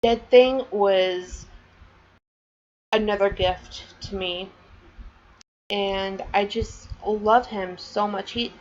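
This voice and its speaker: A woman talks through her collection in an unhurried, meandering way, filling gaps with "um" and "like." Her voice sits at a middling pitch, and the recording sounds a little dull and lo-fi. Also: fairly even intonation, darkish tone. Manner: chatty, rambling, many fillers. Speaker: vlogger. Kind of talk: casual show-and-tell.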